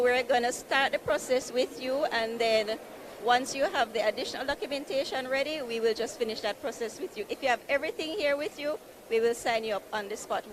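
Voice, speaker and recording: A woman pitches home loans at a conference marketplace booth. Her voice sits a little high and she keeps stressing how easy and convenient it all is. Loud floor noise runs behind her. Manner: upbeat, persuasive, repeats easy and convenient. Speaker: building society representative. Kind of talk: sales pitch at an expo booth.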